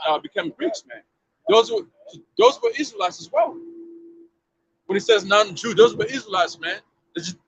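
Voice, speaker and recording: A man's voice: high-pitched, vocal fry, husky, muffled recording. A man street preaching outdoors to a passer-by, emphatic and slangy, often repeating himself and asking if you see what he means.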